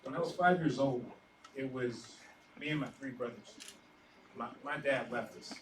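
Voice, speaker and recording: A young man giving an unprepared, halting speech, choked up with emotion. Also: mid-range voice. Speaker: speaker's son. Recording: echoey hall, distant mic, room noise.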